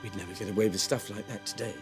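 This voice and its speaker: A man's voice: lowish voice, steady tone, very fast, soft background music. A man in a documentary interview, chatty and telling anecdotes.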